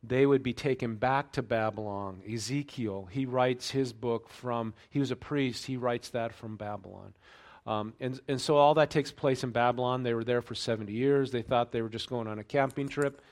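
A male pastor preaches in an easygoing, conversational manner, with plenty of fillers and quick check-ins with his listeners. His voice sits at an ordinary middle pitch, and it lifts higher and louder when he reads scripture aloud. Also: steady tone. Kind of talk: sermon.

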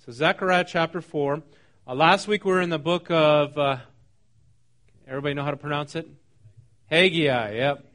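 A man with a somewhat high voice preaches in a chatty, teaching way. He keeps it conversational, pausing on fillers and checking in with his listeners. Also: a bit bright, faint music behind. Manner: conversational, asks the room questions, frequent ums. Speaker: pastor. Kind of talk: sermon.

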